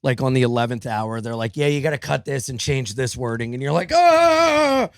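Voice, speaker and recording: A man who is a comedian, telling stories in a lively way in casual podcast chat, slipping into silly voices. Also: medium pitch, fast, vocal fry, no room sound, clean studio sound. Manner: animated storyteller, does a silly nervous voice. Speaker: comedian guest.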